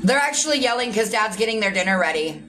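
A woman's voice: mid-range voice, animated, fast, background noise. Chatty woman answering livestream comments. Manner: chatty, reads and answers viewer comments, sometimes snappy. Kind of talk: casual livestream chat.

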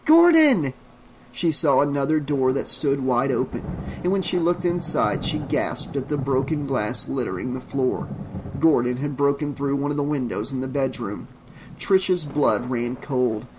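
A man reading a horror novel aloud as an audiobook narrator, in a measured, suspenseful delivery. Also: mid-range voice, slight background noise, rough recording.

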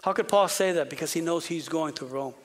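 A pastor preaching an animated sermon, often repeating words and dropping to a whisper for emphasis. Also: male voice, a little high, a little fast. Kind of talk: expository sermon.

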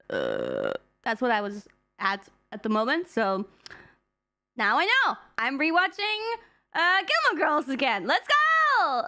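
High, lively, bright-voiced woman streamer. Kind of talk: casual livestream chat.

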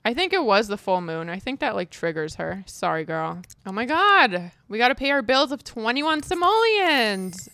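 A woman's voice: on the high side, big pitch swings, moderate pace, few pauses, sharp tone, dry recording. A woman giving casual, chatty gameplay commentary as a streamer, exasperated and swearing lightly. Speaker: gaming streamer.

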